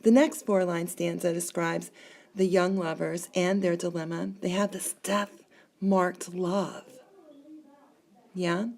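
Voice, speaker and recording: A woman teacher talks her class through a lesson one step at a time, breaking things down slowly. Her voice sits fairly low and has a gravelly, fry-tinged edge. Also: steady tone, darkish tone. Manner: explains step by step, marking syllables. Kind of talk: classroom lecture.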